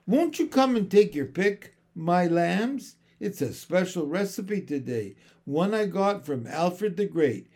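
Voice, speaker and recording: A man voicing a tiny, ancient shopkeeper woman with a high, shrill little voice, bossy to her daughters and sly with guests. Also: lively intonation, slow, hardly any pauses, a little mellow, heavily acted. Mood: coaxing. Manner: switches between scolding and sugary coaxing.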